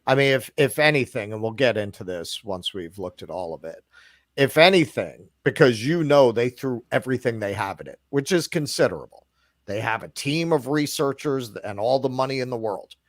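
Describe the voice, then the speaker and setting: Lively joking man co-hosting a podcast. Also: mid-range voice, normal speed, no room sound. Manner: joking, playful exaggeration. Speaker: podcast co-host. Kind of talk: casual commentary chat.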